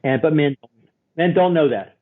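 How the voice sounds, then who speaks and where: A husky-voiced man speaks over a thin, phone-like line from a remote call. He explains things as a guest therapist, telling little stories and acting out the people he quotes. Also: on the high side, moderate pace. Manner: acts out quoted voices, animated storytelling. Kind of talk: expressive explaining.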